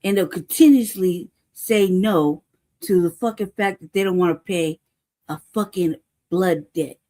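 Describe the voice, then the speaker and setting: A woman's voice: fairly low pitch, a little slow, mellow. A woman hosting a podcast, delivering a heated, profane rant full of rhetorical questions, laughing often and asking "you know what I mean". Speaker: podcast host. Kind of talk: unscripted political commentary.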